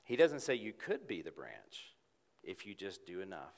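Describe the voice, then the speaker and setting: A man preaching a sermon in church, earnest, rising to emphatic peaks and dropping to a soft hush. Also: sits low, sing-song, moderate pace. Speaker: pastor. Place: church sanctuary with congregation. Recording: long hall reverb.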